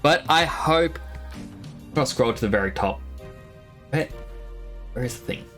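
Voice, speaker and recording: A man's voice: medium pitch, animated, measured pace, fairly bright tone, faint music behind. A man streaming live, chatting casually and rambling with laughs, his throat dry from talking for a long time.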